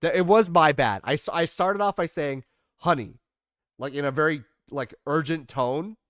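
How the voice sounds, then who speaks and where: A man's voice: fairly high pitch, normal speed, fairly bright tone, no room sound, clean studio sound. A young man casually chatting through a trip recap on stream, rambling and self-deprecating with some swearing. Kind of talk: casual chat over photos.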